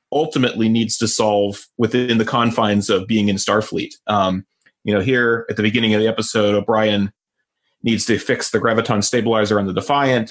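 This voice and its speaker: Lower-voiced rambling male co-host. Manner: rambling, many fillers and restarts. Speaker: podcast co-host. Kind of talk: casual chat.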